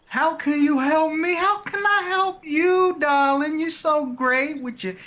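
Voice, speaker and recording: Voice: sits high, measured pace, sharp tone. A performer voicing a flirty, gushing woman caller with a sultry way of talking.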